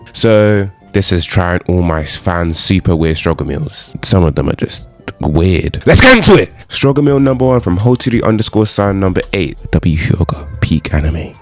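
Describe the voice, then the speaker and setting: A young man talking casually and jokingly as he rates meals in a vlog. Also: low voice. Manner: joking, animated, slangy. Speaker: food vlogger.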